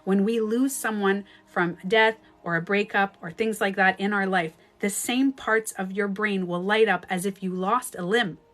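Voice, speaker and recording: A woman's voice: medium pitch, fairly even intonation, moderate pace, few pauses, fairly bright tone, soft background music. A woman relationship coach on a live stream, giving advice emphatically and acting out hurt voices with some swearing.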